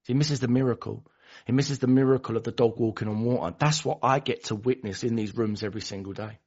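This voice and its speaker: A man's voice: mid-range voice, fairly even intonation, fast, a little mellow, breathy edge. A man giving a passionate, storytelling share at a recovery meeting, sometimes acting out other people's voices. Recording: dull lo-fi recording.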